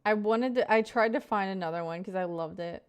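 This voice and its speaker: A woman's voice: medium pitch, a little fast, clear, resonant tone. A young woman in her twenties chatting casually on a live stream, greeting viewers by name and rambling through stories.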